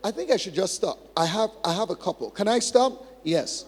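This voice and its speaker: A man's voice: high-pitched, animated, moderate pace, husky. A man preaching a sermon as pastor, emphatic, repeating key phrases and acting out practice drills. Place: large church hall. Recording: long hall reverb.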